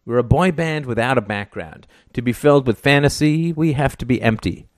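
A man's voice: medium pitch, brisk, no room sound, clean studio sound, voice pushed up, lightly acted. A man doing a blunt young boy-band singer. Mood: firm. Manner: blunt, firm, short replies.

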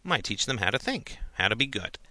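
A patient professor dad, musing and a little tired, who hesitates and trails off while he answers, read by a man. His tone stays low and bright-edged, and the sound is close and dry. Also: big pitch swings, a little fast, heavily acted. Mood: gentle. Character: patient, weary professor father.

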